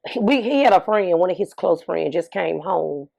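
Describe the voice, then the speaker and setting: A middle-aged bereaved mother speaks candidly as an interview guest, emphatic and often repeating herself or posing rhetorical questions. Her fairly low voice is expressive, creaky and mellow, at a normal speed.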